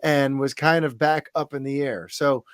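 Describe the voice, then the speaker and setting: A podcast host with a steady, mid-range, fairly bright voice chats casually at a moderate pace, steering topics with wry asides. The recording is dry with clean studio sound.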